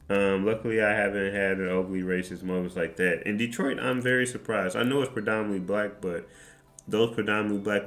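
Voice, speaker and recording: A man's voice: on the low side, a bit bright. A man streamer telling a story in a rambling, profane, joking way. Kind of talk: casual storytelling chat.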